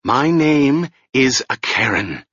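A man voicing a ragged, half-mad old woman with a hoarse, shrill voice and a rambling, fearful way of speaking. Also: animated, slow, fairly bright tone, no echo, lo-fi sound, full character voice. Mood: wild, awed.

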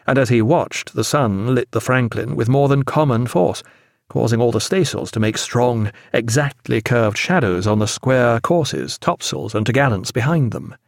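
A man narrating a novel in measured, expressive storytelling. His pitch moves with animated variety around a middle register. The recording is close and dry with no room echo. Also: gravelly. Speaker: audiobook narrator. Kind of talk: scripted narration.

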